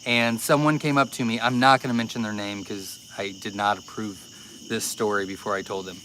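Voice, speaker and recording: A man's voice: on the low side, fairly even intonation, a little fast, fairly bright tone, slight background noise, poor audio. A man hosting a casual farm live stream, talking in a rambling, easily sidetracked way with lots of fillers. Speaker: farm livestream host.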